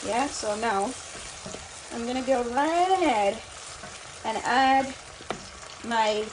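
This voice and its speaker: A woman's voice: on the high side, expressive, slow, background noise. A woman chatting casually while she cooks in her home kitchen, repeating words and calling her viewers babe. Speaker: cooking vlogger. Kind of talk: casual cooking chat to camera. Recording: loud frying and sizzling behind.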